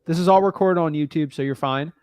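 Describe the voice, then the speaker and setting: Blunt, slangy man coaching, higher voice. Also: fast, a little mellow, no room sound. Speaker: real estate wholesaling coach. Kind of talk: casual coaching call.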